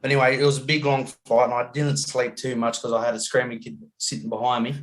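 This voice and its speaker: An Australian man telling a travel story as a podcast guest over a video call, animated and laughing often, acting out the people he met. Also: medium pitch, fast. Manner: animated yarn-spinning, acts out voices, laughs often.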